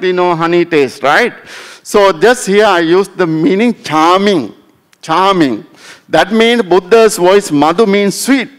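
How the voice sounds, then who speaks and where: A man in his fifties with a Sri Lankan accent, a Buddhist monk giving a Dhamma talk to a class and often checking in with "right?" and "huh?". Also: high-pitched.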